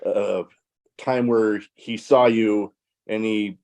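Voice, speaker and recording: A man hosting a podcast in casual chat, reacting excitedly. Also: slow pace. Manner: excitable, swooping pitch. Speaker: podcast host.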